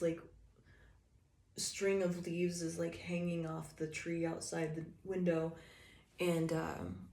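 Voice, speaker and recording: A woman's voice: lowish voice, a little mellow, roomy sound. A woman giving a casual tarot reading, rambling and chatty, laughing often and restarting her sentences, indoors by a window. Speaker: tarot reader.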